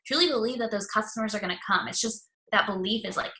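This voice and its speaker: A woman guest in a casual motivational chat, telling stories excitedly and calling out "y'all.". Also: medium pitch, quick pace, low-quality recording. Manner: excited, storytelling, says "y'all" and "you guys".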